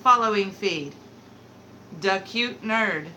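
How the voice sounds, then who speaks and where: Slow-talking bright giggly woman host. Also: medium pitch, expressive, a little hiss or hum, low-quality recording. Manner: giggly and chatty, talks to her dog. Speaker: livestream beauty host. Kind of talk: casual livestream chat, reading viewer comments.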